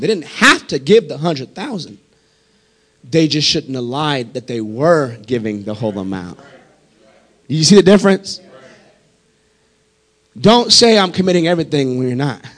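A man preaching a sermon as pastor, impassioned and building to shouts. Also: fairly high pitch, expressive, a little slow, pauses often.

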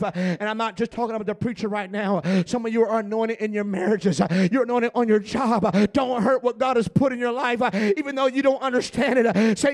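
A high-pitched male pastor delivers a sermon, moving between hushed passages and shouting while he fills his pauses with "uh."

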